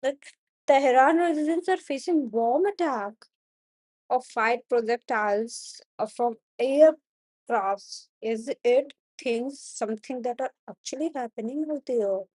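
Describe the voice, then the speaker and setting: A young woman with an Indian accent reading the news aloud on a study stream, halting and stumbling over hard words and names. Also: high voice, darkish tone, slightly rough, no room sound, studio quality. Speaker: student streamer.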